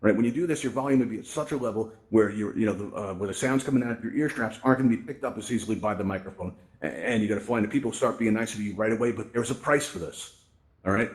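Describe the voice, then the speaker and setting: A man's voice: mid-range voice, a little mellow. A man presenting at a live event in a virtual space, giving chatty, folksy tech tips through a headset microphone and checking in with his listeners with a frequent "right?". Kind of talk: casual instructional talk to a live audience. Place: virtual reality social space.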